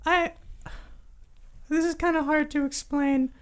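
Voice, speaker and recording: A timid little kobold, as a woman game master puts him on, squeaks in a very high, thin voice. He stammers and trips over his words, earnest and easily frightened. He is a small lizard creature in a tabletop game. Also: fairly even intonation, slow pace. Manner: nervous, stammering.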